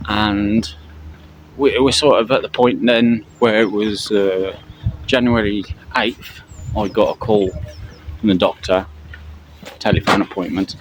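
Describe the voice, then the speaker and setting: A middle-aged man from Britain talking to his viewers while out on a walk, halting and full of fillers, out of breath. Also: on the low side. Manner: halting, many fillers and restarts. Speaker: camping channel vlogger. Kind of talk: casual spoken update to viewers while walking. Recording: loud outdoor traffic noise.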